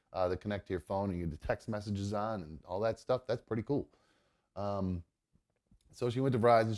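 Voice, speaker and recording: A man's voice: lowish voice, a little mellow. A man hosting a live talk show, telling a story casually with lots of fillers. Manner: rambling, many fillers. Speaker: host.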